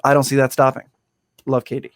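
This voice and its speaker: A man's voice: medium pitch, monotone, brisk, no echo, studio quality. A man hosting a sports podcast, chatting casually and enthusiastically with plenty of fillers and restarts.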